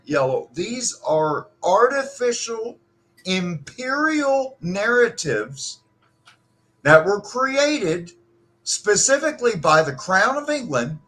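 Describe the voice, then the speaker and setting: A man's voice: high-pitched, sharp tone. A man from the United States in heated political talk, impassioned and emphatic, swearing freely.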